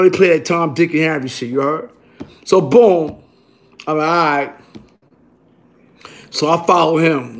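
High-voiced man telling a profane story. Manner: profane, streetwise, acts out others' voices and sound effects. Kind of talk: casual spoken storytelling.

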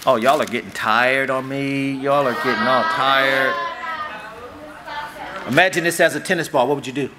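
A man preaching a sermon as pastor, conversational and animated, acting out little dialogues for the congregation. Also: mid-range voice, moderate pace, long pauses, crowd noise, background noise. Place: church hall.

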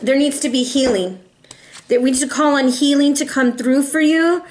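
A woman giving a casual tarot reading to viewers, chatty and animated, calling her audience y'all and slipping in a few Spanish words. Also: high-pitched, moderate pace, slight background noise. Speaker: tarot reader.

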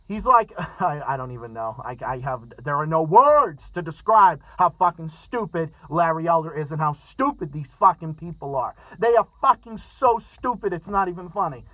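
A man's voice: a little high, expressive, normal speed, a bit bright, no room sound. A man giving an angry, heavily profane political rant, often stammering as he talks. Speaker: political commentator. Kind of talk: ranting commentary vlog. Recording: dull lo-fi dry sound.

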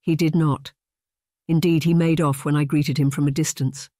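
A narrator voicing a polite, curious young lady who speaks gently in formal, old-fashioned phrasing. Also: mid-range voice, flat delivery, normal speed, no echo, clean studio sound, close to an everyday voice. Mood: earnest.

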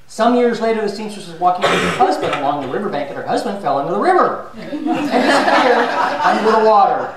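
High-voiced man telling a joke to a congregation. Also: very animated, quick pace, over a noisy crowd. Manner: chatty, jokey, self-mocking. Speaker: service leader. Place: large meeting room. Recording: very echoey hall from far off. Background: audience laughing.

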